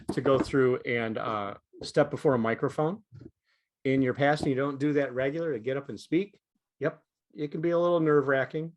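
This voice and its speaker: A man leading an online training session in a casual, conversational way with frequent fillers. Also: medium pitch.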